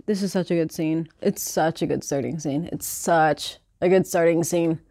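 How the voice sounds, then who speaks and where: A young woman vlogging casually by her chicken coop, rambling and swearing as she hushes her hens. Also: sits low, moderate pace, few pauses, no room sound, clean studio sound. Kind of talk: casual chat while reading aloud. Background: faint chicken clucking.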